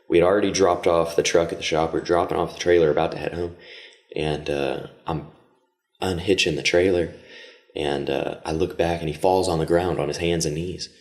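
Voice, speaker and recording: A friendly male podcast guest with a very low voice tells rambling, easygoing stories. He speaks in a relaxed, conversational way. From Austin area, Texas. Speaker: podcast guest, jiu-jitsu coach. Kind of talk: casual storytelling.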